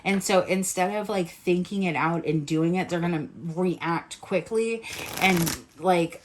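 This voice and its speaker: A woman with a New England accent doing a casual tarot reading to camera, animated, acting out the lines she imagines people saying and swearing freely. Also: on the low side, a little hiss or hum. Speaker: tarot reader.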